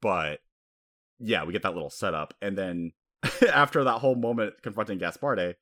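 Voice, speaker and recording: A man co-hosting a casual chat, talking in an animated way, laughing often and acting out quotes. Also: on the low side, normal speed.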